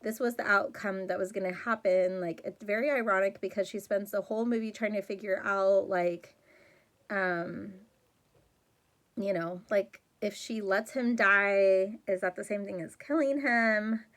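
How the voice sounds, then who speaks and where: A woman's voice: mid-range voice, steady tone, measured pace, fairly bright tone. A young adult woman talking through a movie plot in a loose, rambling way, full of "like" and "um", getting heated as she retells scenes. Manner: rambling, chatty, lots of "like" and "um"; gets heated and exasperated when retelling scenes. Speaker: movie reviewer. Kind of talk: casual chat.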